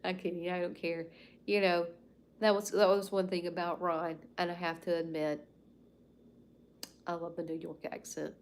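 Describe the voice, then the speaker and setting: A woman's voice: lowish voice, flat delivery, moderate pace, long pauses, a little hiss or hum. A Southern US woman in her fifties rambling folksily as she hosts a casual livestream chat from home. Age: 50s. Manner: rambling and folksy, with soft asides. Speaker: livestream host. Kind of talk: casual chat with live viewers.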